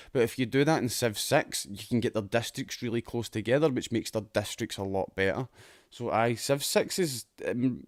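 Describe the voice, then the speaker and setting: A man's voice: mid-range voice, no echo, clean studio sound. A man with a Scottish accent hosting a casual gaming podcast, rambling, swearing and talking with enthusiasm. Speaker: podcast host.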